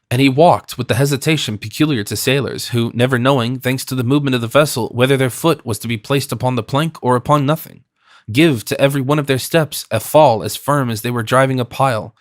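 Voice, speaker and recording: A man narrates a classic novel in an even, steady storytelling voice. His pitch sits at a middle level. The recording is close and dry with no room sound. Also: dry recording. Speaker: audiobook narrator.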